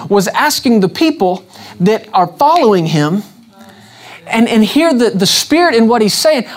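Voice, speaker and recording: Guy preaching a sermon, pitch jumping all over, emphatic, keeps repeating his questions to the crowd. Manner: emphatic, repeats questions, calls for congregation response.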